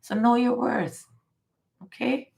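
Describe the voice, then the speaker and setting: Her voice is fairly high but gravelly and darkish, moving slowly with fairly even intonation. A middle-aged card reader from Guyana, she gives a casual spiritual reading mixed with storytelling, speaking emphatically and repeating phrases often.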